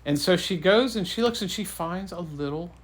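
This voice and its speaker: A father telling his child a bedtime story in a playful, relaxed way. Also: high voice, normal speed.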